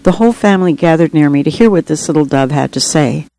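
A woman's voice: deep voice, expressive, fast talker, mellow, no echo, low-quality recording. A woman author reading her own book aloud in an earnest, reflective first-person storytelling manner. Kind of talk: audiobook reading.

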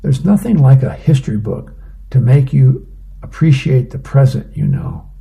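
A man's voice: mid-range voice, expressive, normal speed, gravelly, mellow, voice pushed up. A man reading the lines of a musing middle-aged husband from a comic strip.

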